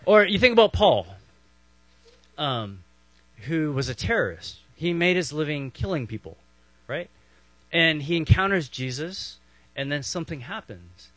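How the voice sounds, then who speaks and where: A man's voice: on the high side, big pitch swings, a little slow, pauses often, a bit bright, no room sound. A man in his thirties, a pastor, preaching a sermon in a conversational way, with rhetorical questions and playful acted asides.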